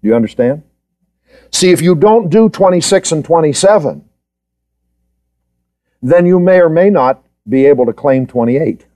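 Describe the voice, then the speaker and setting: A man leads a Bible study lecture, putting questions to his students and repeating his key points. His pitch rises and falls in lively swings, and his tone stays warm and mellow. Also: normal speed, long pauses. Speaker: Bible teacher.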